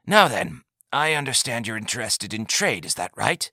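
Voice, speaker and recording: A man's voice: medium pitch, sing-song, moderate pace, bright, forceful tone, slightly rough, no room sound, clean studio sound, pitched above the performer's own voice, exaggerated voice. A man voicing a mild-mannered old village elder. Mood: dry. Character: calm, pleasant old male village leader.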